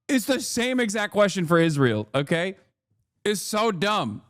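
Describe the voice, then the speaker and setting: High-voiced guy streamer ranting and swearing, sarcastic, dry close sound. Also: sing-song, a little slow, fairly bright tone, dry recording. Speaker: streamer host. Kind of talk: casual reaction commentary.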